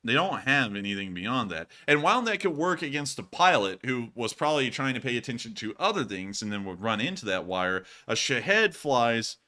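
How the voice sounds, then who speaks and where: A man's voice: mid-range voice, big pitch swings, normal speed, few pauses, pushed and bright. A man hosting a live news stream, answering viewer questions in a chatty, joking way, a little sleepy and yawning. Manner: chatty and joking, laughs often. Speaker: war news stream host.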